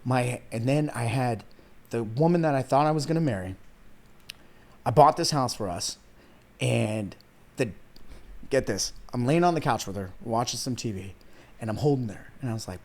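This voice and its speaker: An earnest man in his thirties from Iran talks as a podcast guest in a relaxed, conversational way. His mid-pitched voice carries heartfelt personal stories, sprinkled with "man" and "dude", and now and then he comes close to tears. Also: moderate pace, pauses often. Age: 30s. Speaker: podcast guest, weight loss coach. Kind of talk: casual interview conversation.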